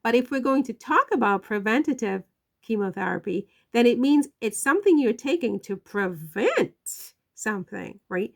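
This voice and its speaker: Woman commentator with a gravelly voice. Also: fairly high pitch, animated, moderate pace. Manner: repeats "right?" often, emphatic and questioning. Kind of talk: casual commentary.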